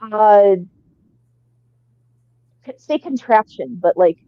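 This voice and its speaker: A woman's voice: mid-range voice, expressive, slow. A woman joining a casual livestream chat, teasing and bantering playfully. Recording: slightly dull lo-fi sound.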